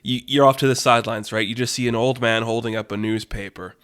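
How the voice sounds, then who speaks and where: Young male host, animated and rambling, dry close sound, voice at a middle pitch. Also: quick pace, clear, resonant tone, no echo. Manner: rambling, animated, laughs at his own story. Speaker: podcast host. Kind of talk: comedic storytelling narration.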